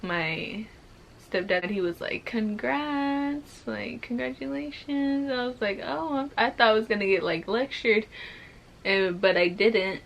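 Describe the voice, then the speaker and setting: A young woman vlogging at an unhurried pace, her story full of casual fillers and soft emotion. Her pitch sits in an ordinary middle range. A faint background hum runs under the recording. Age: young adult. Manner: slow, emotional, many fillers like "like". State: currently pregnant.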